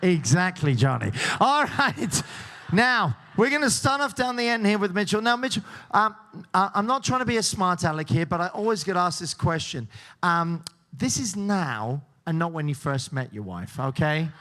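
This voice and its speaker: A man's voice: sits high, lively intonation, normal speed, pushed and bright. A man hosting a game show, joking and teasing the contestants and laughing often. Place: cruise ship show lounge.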